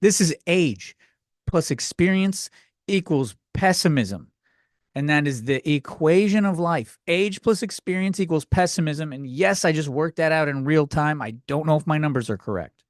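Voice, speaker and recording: Dude ranting on his comedy podcast, kinda high voice, jumps all over the place, dry mic. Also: normal speed, dry recording. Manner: rambling, scattered, self-mocking. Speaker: podcast host. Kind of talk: solo comedy podcast rant.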